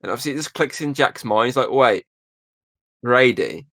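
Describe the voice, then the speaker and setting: In a casual film breakdown, a young male podcast host recaps the movie scene by scene, performing the quoted lines as he laughs. He speaks at a moderate pace in an animated, medium-pitched, fairly bright voice, on a dry, clean studio recording.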